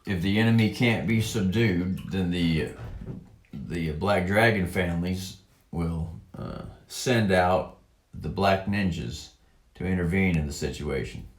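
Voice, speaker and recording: Man, very deep voice, slow halting delivery, rambling commentary, echoey room. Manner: slow, halting, with drawn-out words and many fillers. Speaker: online commentator. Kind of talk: rambling monologue reading and commenting on a text.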